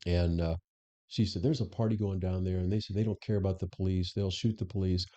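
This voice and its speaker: Speaking a little fast in a low, dark voice with fairly even intonation, a former police chief recalls his experiences frankly in a conversational interview. As the guest, this ex-superintendent tells anecdotes and restarts himself often. The podcast sound is dull and lo-fi.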